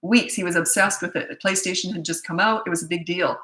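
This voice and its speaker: A woman's voice: on the low side, fairly quick, bright, forceful tone, roomy sound. A middle-aged woman parenting coach giving blunt, chatty advice and telling stories from her own family life. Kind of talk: casual advice talk.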